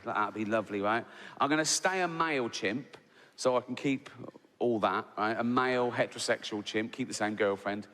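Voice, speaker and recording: A man's voice: medium pitch, fairly bright tone. Comedian guy rambling thru a crude bit on stage, echoey hall, some noise behind. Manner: rambling, playful storytelling with crude voices. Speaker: stand-up comedian. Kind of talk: stand-up routine. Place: large theatre with audience. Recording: live hall with long reverb and background noise.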